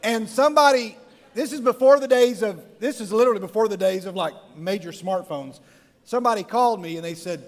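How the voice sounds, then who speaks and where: Middle-aged youth pastor, high voice, laughs through rambling funny stories, boomy hall. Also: male voice, a little fast. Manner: jokey, rambling storyteller who laughs often. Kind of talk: humorous talk to a live youth audience. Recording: long reverb of a large hall.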